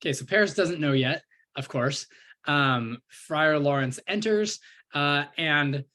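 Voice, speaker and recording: A man's voice: a little high, measured pace, pushed and bright. A chatty man explaining a play. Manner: chatty, full of fillers. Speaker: teacher.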